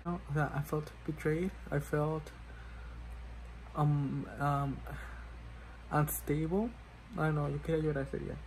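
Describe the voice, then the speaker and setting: A man's voice: fairly high pitch, level tone, measured pace, pauses often, darkish tone, slight background noise, low-quality recording. A man chatting casually while doing his makeup, rambling and self-mocking, switching languages mid-sentence. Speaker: makeup vlogger.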